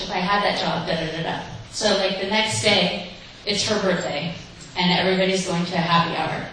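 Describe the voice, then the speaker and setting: A woman's voice: lowish voice, brisk, hardly any pauses, fairly bright tone, slight background noise. Woman attendee sharing, loose and chatty; very roomy, distant pickup. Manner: conversational, with many fillers. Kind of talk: personal recovery testimony. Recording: very echoey room, from a distance.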